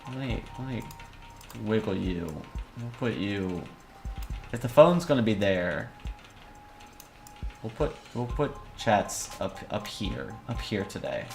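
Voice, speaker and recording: A woman's voice: very deep voice, animated, slow, gravelly, pauses often, darkish tone. A woman streamer chatting casually while setting up a game, rambling with profane, jokey asides over faint music. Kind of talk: casual let's-play chat.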